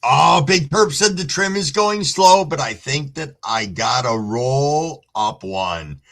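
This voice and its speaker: A man's voice: mid-range voice, lively intonation, slow, a bit bright. A middle-aged man hosting a casual livestream, greeting viewers by name and reading chat aloud in a laid-back way. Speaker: livestream host.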